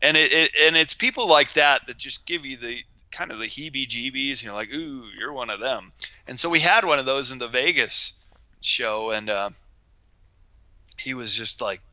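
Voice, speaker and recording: Gregarious male guest telling stories, very bright and crisp voice, dry close sound. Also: medium pitch, normal speed, no room sound, low-quality recording. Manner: gregarious, animated, acts out quoted voices. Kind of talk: casual storytelling chat.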